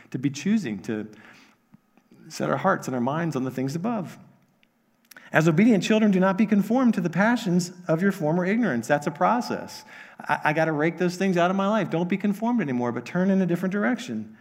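A man's voice: sits high, in a large hall. A man preaching a sermon as pastor, earnest, repeating key phrases for emphasis.

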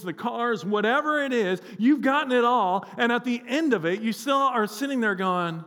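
A man preaching a sermon as pastor, telling a story with lively acted-out quotes. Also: sits high.

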